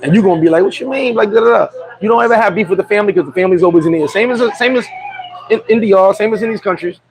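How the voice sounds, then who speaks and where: A man's voice: sits high, racing, slight background noise, rough recording. A man hosting a casual livestream chat, telling blunt, profane stories. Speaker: livestream host.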